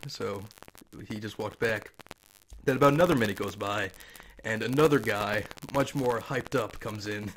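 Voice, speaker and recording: Young dude rambling thru a story on his podcast, lowish voice, cusses a lot, bit of static hiss. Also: steady tone, normal speed, a bit bright. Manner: rambling, swears freely, laughs at his own stories. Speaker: podcast host. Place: office with a humming noise. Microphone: home desk mic with static.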